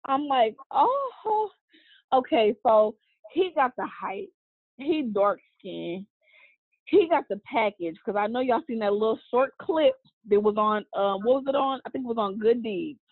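A woman co-hosting a podcast in casual, animated chat, gushing and swearing freely. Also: a little high, normal speed, no echo. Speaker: podcast co-host. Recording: tinny phone-like line.

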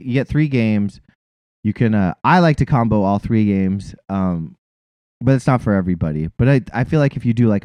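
A man's voice: fairly low pitch, no room sound, muffled recording. A man co-hosting a casual podcast, ranting with heavy swearing and loose, rambling energy. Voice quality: profane, animated ranting. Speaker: podcast co-host.

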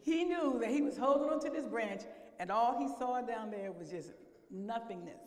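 A woman preaching a sermon, telling a story and acting out its voices, rising at times to a shout. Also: a little high, animated, moderate pace. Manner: acts out voices, voice swells to shouting. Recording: echoey hall.

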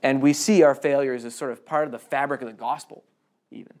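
A man's voice: mid-range voice, steady tone, brisk, a little mellow. A man preaching a conversational sermon, chatty and self-deprecating, with humorous asides.

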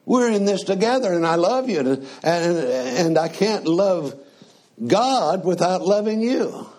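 A man preaching a sermon in a slow, conversational way, often asking the congregation questions. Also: high-pitched, animated, darkish tone.

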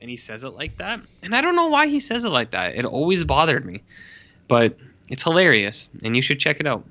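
Young man, casual movie chat, bright forceful tone, dull lo-fi audio. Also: mid-range voice, brisk. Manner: animated, swears, mimics characters with squeals. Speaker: podcast co-host.

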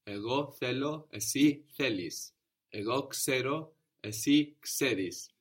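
A man's voice: medium pitch, slow pace, husky. A man teaching a language lesson, explaining step by step and repeating the learner's answers patiently.

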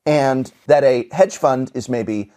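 A man hosting a podcast, giving emphatic, animated opinions in casual chat. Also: mid-range voice, slow. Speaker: podcast host.

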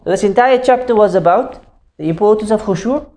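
A fairly quick, mellow, high-pitched male voice belongs to a religious instructor. He lays out his points in an explanatory way, says each one again, and keeps making sure the class understands, using Arabic phrases along the way.

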